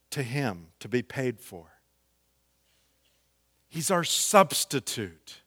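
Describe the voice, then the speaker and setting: A man preaching a sermon, explaining scripture slowly and reading passages with strong emphasis. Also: mid-range voice, sing-song, fairly bright tone, slightly rough. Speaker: pastor.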